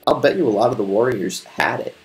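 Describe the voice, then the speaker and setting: A man reading an epic poem aloud in a measured way, then chatting casually with some stumbles. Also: medium pitch, animated, soft background music, rough recording. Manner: measured, stumbles and restarts in chat. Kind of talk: poetry reading and casual chat.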